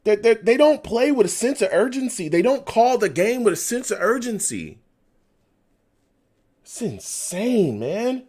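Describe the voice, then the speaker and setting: A man hosts a live fan stream and reacts to a football game as it plays out. He vents his frustration and reads chat messages aloud. His pitch is very animated, and his level swings from low muttering to loud ranting. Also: unhurried. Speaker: fan livestream host.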